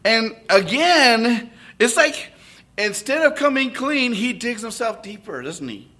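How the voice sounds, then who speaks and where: Animated high-voiced male preacher. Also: slow pace. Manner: animated, tag questions to listeners. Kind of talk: expository sermon.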